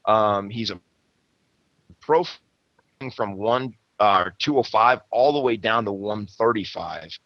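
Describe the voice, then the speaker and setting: A man's voice: on the low side, slow pace, pauses often, dry recording, dull audio. A man telling a rambling, profane fight story in casual podcast chat, acting out the quotes. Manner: rambling, heavy swearing, acts out quotes.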